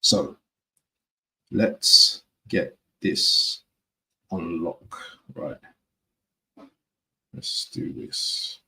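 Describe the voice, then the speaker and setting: A man's voice: low voice, drawn-out words, long pauses, sharp tone, rough recording. A man from talking casually to his viewers on a live stream, repeating himself and often asking "yeah?". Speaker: football fan streamer.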